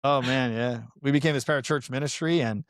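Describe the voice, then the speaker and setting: A middle-aged man from Colombia talks as a podcast guest in a medium-pitched voice. He tells his story earnestly and with animation, dropping in casual fillers. The sound is dry and close. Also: fairly quick, no room sound. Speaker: podcast guest, pastoral counselor and fitness coach.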